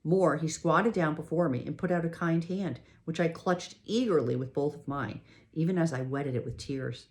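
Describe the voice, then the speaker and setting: In this audiobook, a first-person story is read by a woman whose voice is strikingly low. She narrates from a script, with expression and feeling in her delivery.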